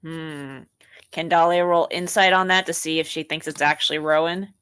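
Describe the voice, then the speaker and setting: Low-voiced woman player thinking aloud. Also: steady tone, moderate pace, a bit bright, clear, resonant tone. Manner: thinking aloud, questioning rules. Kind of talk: casual chat at a tabletop game.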